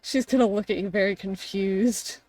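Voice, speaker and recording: A woman's voice: mid-range voice, steady tone, normal speed, dark tone. A woman narrating casually as game master of a tabletop game.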